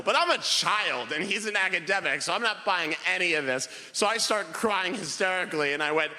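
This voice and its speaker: Young male stand-up comic, animated storyteller, slightly high voice, live stage recording with reverb. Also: fairly quick, hardly any pauses. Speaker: stand-up comedian. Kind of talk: stand-up routine. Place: theater stage with live audience. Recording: live hall with room reverb.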